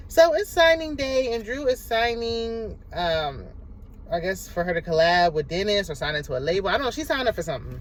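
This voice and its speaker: A woman's voice: medium pitch, brisk, poor audio. Sassy woman recapping reality TV. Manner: sassy, animated, talks back at the cast. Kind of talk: casual show recap and commentary.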